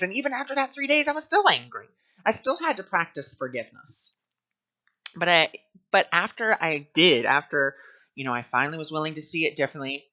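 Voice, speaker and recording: A man's voice: a little high, pushed and bright. A man telling a personal story while teaching a spiritual lesson, chatty and full of "you know" fillers. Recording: dull lo-fi recording.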